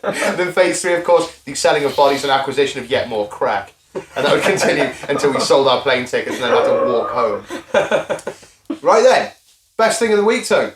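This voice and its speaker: A man's voice: mid-range voice, big pitch swings, brisk. A man hosting a casual podcast chat, joking, laughing often and swearing. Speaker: podcast host. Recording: echoey room with clear background noise.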